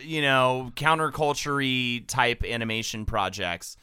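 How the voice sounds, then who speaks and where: A male podcast co-host telling the story in relaxed, agreeable casual chat, swearing casually. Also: medium pitch, measured pace, clean tone.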